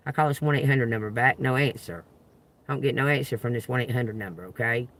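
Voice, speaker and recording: A man hosting a live stream, telling a story to viewers in a profane, animated way and acting out the voices. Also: mid-range voice, quick pace. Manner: animated, profane, laughs often, acts out voices.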